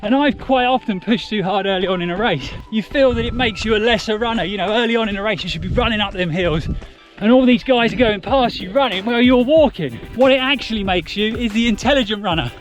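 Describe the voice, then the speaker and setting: A male vlogger speaks to the camera with a high-pitched voice at a quick pace, offering casual, encouraging running advice. He's chatty and upbeat, and music plays behind him.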